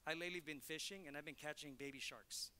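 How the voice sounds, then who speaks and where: A man's voice: a little high, fast talker, pushed and bright, a little hiss or hum. A male pastor preaching a conversational sermon in church, telling stories and acting out quotes. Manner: conversational, storytelling with acted quotes.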